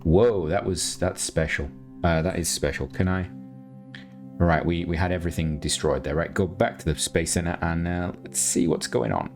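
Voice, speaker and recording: A man speaks in an exceptionally deep voice as he narrates his own gameplay. He thinks aloud, mocks his own choices and often restarts his sentences. Soft music plays faintly underneath. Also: normal speed. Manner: chatty, self-mocking, thinks aloud with many restarts. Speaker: gameplay commentator. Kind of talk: casual gameplay commentary.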